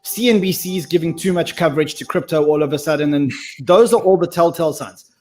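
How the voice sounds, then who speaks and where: A man with a slightly high voice puts questions to a guest, cutting in to get plain answers. Faint music plays behind him. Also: quick pace, a little mellow. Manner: direct, presses for clear answers. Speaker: interviewer. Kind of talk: probing interview questions.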